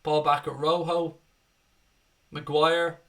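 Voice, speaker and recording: A man's voice: fairly high pitch, little pitch movement, slow pace, fairly bright tone. A young man giving live fan commentary on a football match, calling the play and breaking into angry, sweary rants. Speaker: fan watchalong host.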